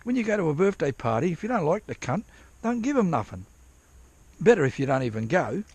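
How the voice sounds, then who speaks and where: Gravelly, swearing rambling man. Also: on the high side, very animated, a little fast, darkish tone, no room sound. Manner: rambling, profane, self-interrupting. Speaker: vlogger prospecting for gold. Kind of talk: casual rambling vlog. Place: outdoors at a dig site in drizzle.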